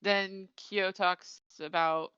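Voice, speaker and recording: A woman's voice: medium pitch, fairly even intonation, takes it slowly, sharp tone, clear, resonant tone, no room sound, muffled recording. A woman co-hosting a podcast, rambling through a casual episode recap with lots of "like". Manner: rambling retelling, many "like" fillers. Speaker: podcast co-host.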